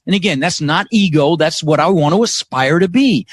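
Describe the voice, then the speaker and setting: A man guest in a casual interview, telling stories in an energetic, emphatic way from his home office. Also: sits high, normal speed, few pauses, no room sound. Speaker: podcast guest, real estate investor. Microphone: no video, audio call.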